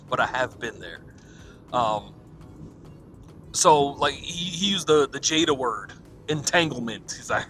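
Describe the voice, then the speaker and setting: A man with a bright, forceful voice tells a story on his podcast in a loose, profane style. He chuckles often and acts out both sides of the conversation. Faint music plays under him. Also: medium pitch, measured pace. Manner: profane, laughing, animated retelling with quoted dialogue. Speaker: podcast host. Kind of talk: casual storytelling monologue.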